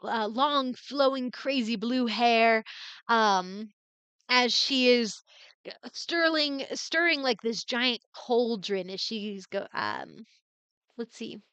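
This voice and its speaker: A woman game master narrates a tabletop session at an unhurried pace, with many fillers along the way. Her voice is smooth, a little higher than most, and close and dry. The sound is somewhat dull, like an online call. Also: a bit bright, no echo. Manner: rambling, many fillers, giggly.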